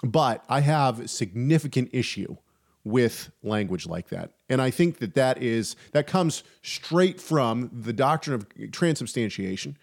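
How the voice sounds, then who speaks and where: A man co-hosting a casual faith podcast, talking in an animated, chatty way with frequent restarts and asides. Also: mid-range voice, unhurried, creaky. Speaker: podcast co-host.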